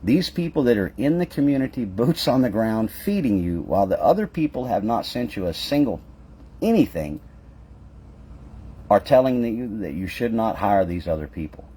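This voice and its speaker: A man's voice: on the low side, big pitch swings, normal speed, dark tone, slightly rough. A man who owns a public adjusting business, speaking straight to his audience in a fervent address full of rhetorical questions. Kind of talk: impassioned direct-to-camera address.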